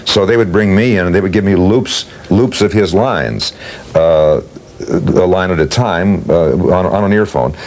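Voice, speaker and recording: A man's voice: sits low, a little slow, a little mellow. An older man telling anecdotes about his voice work in an interview, at an easy storyteller's pace. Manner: leisurely anecdotal telling, acts out quotes. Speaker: interviewee recalling work as a voice actor.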